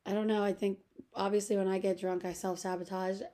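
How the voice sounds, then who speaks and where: A woman's voice: mid-range voice, flat delivery, quick pace, dark tone. A young woman in her twenties co-hosting a podcast, telling a story in casual chat, full of filler words and laughing often. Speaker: podcast co-host.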